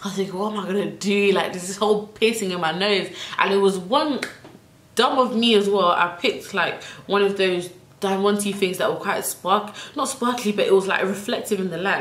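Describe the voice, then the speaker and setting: A woman's voice: medium pitch, moderate pace, a bit bright. Chatty young girl telling a story, lots of "like", roomy echo. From South London. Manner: chatty, lots of fillers, acts out quotes. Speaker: vlogger. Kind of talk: casual storytime.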